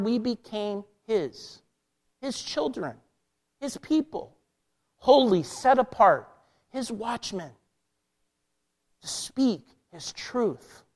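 A male pastor preaching a passionate sermon, swinging between loud emphatic lines and quiet, low ones.

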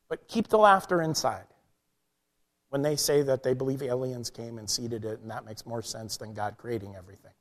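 A male pastor preaching a passionate sermon, swinging between loud emphatic lines and quiet, low ones.

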